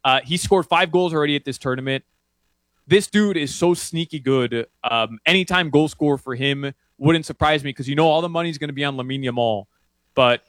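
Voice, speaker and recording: Man, guest soccer pundit, rambling, restarts a lot, slightly high voice, dry close sound. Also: dry recording. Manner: rambling, frequent restarts and fillers, animated. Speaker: soccer betting guest analyst. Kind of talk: casual sports talk. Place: Miami area.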